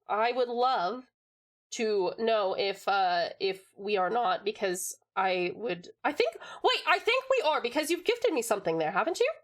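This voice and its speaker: A young woman from Tasmania, Australia chats casually on a livestream, greeting viewers and reading out chat messages. She's bubbly and giggly, switches topics fast and swears casually. Her voice is a little high and a bit bright.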